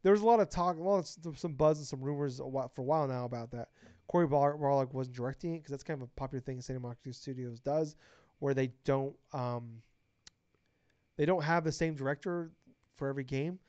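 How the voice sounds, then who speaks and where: A young man co-hosting a casual podcast, gushing and excitable, swearing freely. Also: medium pitch, quick pace, clear, resonant tone, no echo. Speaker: podcast co-host. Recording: dry, dull lo-fi podcast mic.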